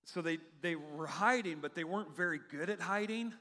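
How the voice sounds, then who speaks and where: A man preaching a sermon in an animated, humorous way, acting out quotes from the text. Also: fairly high pitch, fairly quick. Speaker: pastor. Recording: long hall reverb.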